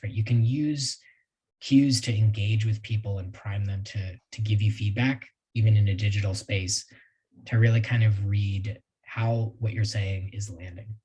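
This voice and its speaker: Mellow, husky-voiced man teaching a webinar. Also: lowish voice, fairly even intonation, moderate pace, poor audio. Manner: conversational, with asides and self-deprecating laughs. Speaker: sales trainer presenting a webinar. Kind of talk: casual live webinar talk.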